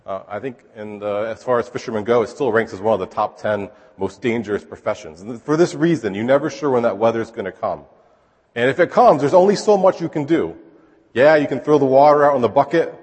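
A man preaching in a relaxed, conversational way, often putting rhetorical questions to his listeners. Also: mid-range voice, breathy edge. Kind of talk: conversational sermon. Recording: long hall reverb.

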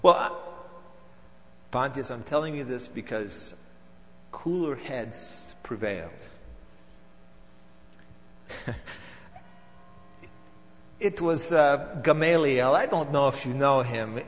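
A man performing a theatrical monologue as a bitter, vengeful temple council elder, moving between loud outbursts and hushed, seething lines. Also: medium pitch, takes it slowly, long pauses, big-room sound, slight background noise, natural voice. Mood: recounting, measured.

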